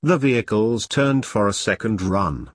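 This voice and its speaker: A man narrating an audiobook in a steady, measured reading voice. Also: on the low side, no echo. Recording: dry close studio sound.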